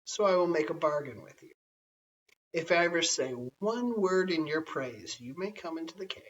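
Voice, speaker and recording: A man's voice: a little high, expressive, moderate pace, a bit bright. A man voicing a wise, teasing woman of the cave who laughs at a cat, in a bedtime story reading. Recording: slightly distant, dull lo-fi home recording.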